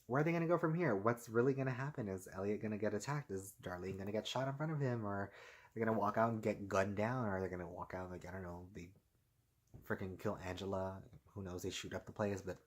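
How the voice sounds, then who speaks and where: A man's voice: on the low side, steady tone, brisk. A man casually recapping a TV episode, rambling with lots of fillers and frequent laughs. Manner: rambling, heavy filler "like" and "and stuff like this"; laughs often while talking.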